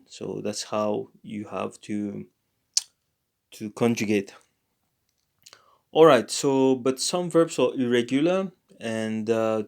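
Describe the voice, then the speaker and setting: A man teaching a language lesson, hesitant, with many fillers and self-corrections. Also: mid-range voice. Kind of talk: casual spoken lesson, reading examples aloud.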